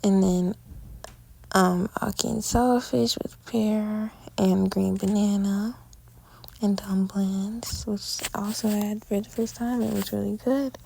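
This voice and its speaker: Very gravelly young woman vlogging. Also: mid-range voice, flat delivery, slow pace, mellow, a little hiss or hum, low-quality recording. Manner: chatty, loose slangy storytelling. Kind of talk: casual travel vlog narration.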